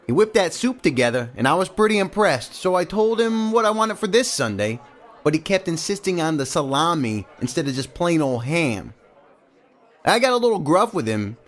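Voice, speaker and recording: Man doing a gruff, nosy diner cook. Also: sits high, a bit bright. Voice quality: gruff, chatty.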